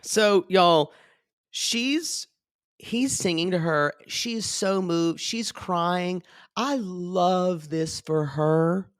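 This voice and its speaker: A man co-hosting a podcast, recapping a reality show in a gossipy, sarcastic, animated way. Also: high voice, drawn-out words, smooth, dry recording, studio quality. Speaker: podcast co-host. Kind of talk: casual recap chat.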